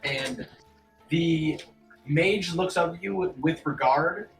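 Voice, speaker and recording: A game master narrating a tabletop game, quick and rambling with lots of fillers. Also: mid-range voice, faint music behind, low-quality recording.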